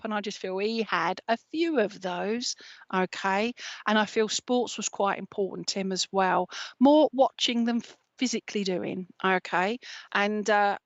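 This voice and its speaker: Woman, live medium, reassuring and gentle, mid-pitched, dry lo-fi stream audio. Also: no room sound. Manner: gentle and reassuring, with frequent checking "okay?" tags. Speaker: psychic medium.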